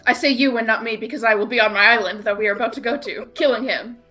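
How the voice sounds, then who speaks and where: A woman's voice: fairly high pitch, fast talker, bright, forceful tone, soft background music. A woman playing a tabletop game, playful and giggly, switching between acting and describing. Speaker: player. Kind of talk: tabletop role-play, in and out of character.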